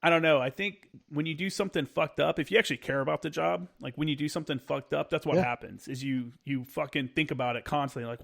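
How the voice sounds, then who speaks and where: A man's voice: fairly high pitch, creaky, a bit bright. A man, a former Marine, telling candid war stories as a podcast guest, swearing freely and acting out old radio calls. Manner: halting with many fillers. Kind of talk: casual war story telling.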